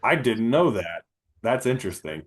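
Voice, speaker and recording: A man co-hosting a movie podcast in casual, profane, animated chat, laughing often. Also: medium pitch, moderate pace. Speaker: podcast co-host.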